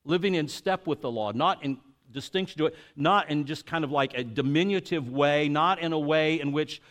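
A man preaching a sermon, reading scripture, then explaining it in a conversational, animated way with restarts and asides. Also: fairly high pitch, normal speed. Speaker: pastor.

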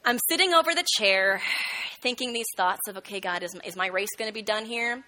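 A woman preaching a sermon, telling a personal testimony in an animated storytelling way and acting out the voices of the people in it. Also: medium pitch, fairly quick.

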